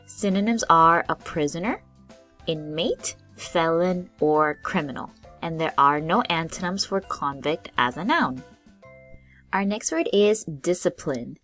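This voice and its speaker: Slow, patient woman teaching vocabulary. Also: fairly low pitch, a bit bright. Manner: patient, simple rephrasing for learners. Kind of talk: slow, clear classroom explanation.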